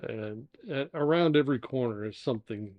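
A man's voice: mid-range voice, a little fast, no echo, lo-fi sound. An older American man, the father co-hosting a casual home podcast, telling easygoing travel stories with lots of fillers. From United States. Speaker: co-host, the father. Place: indoor dining room.

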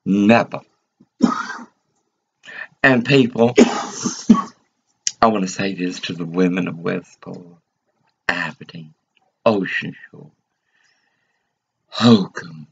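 A man's voice: sits low, extremely slow, gravelly, long pauses, a bit bright, husky. A man delivering an agitated, rambling, profane rant to the camera. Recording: dull lo-fi recording.

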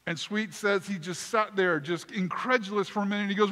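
A man preaching a sermon as pastor, telling a story in an animated, self-deprecating way. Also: high-pitched, fairly quick, hardly any pauses. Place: church sanctuary. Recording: long church reverb.

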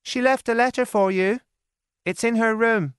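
A man voicing a young farm girl who gently breaks sad news in a storybook. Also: very high-pitched, normal speed, clear, resonant tone, no echo, studio quality, pitched above the performer's own voice. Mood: sorrowful.

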